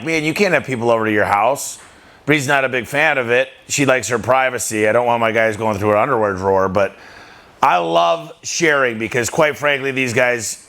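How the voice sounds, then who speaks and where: Relaxed business-owner man. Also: medium pitch. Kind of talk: casual talk to an audience.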